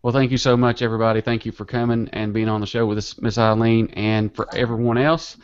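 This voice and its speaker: A man's voice: mid-range voice, little pitch movement, quick pace, smooth. A man hosting a casual video-call show, easygoing as he wraps things up. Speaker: host. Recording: dull lo-fi video call audio.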